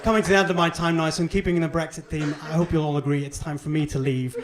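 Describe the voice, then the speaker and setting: A young man with a toned-down Northern Irish accent does a punchy, self-deprecating stand-up set on a comedy club stage. His fairly high voice is level and rapid-fire over a noisy crowd, in a live club recording with audience laughter and cheers.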